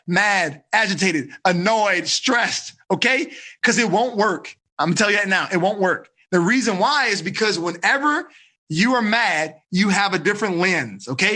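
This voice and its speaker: A man coaching teenagers in an animated classroom style, acting out conversations and quizzing his students. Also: sits high. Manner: animated, acts out dialogues, asks thumbs up or down. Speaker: teen life coach.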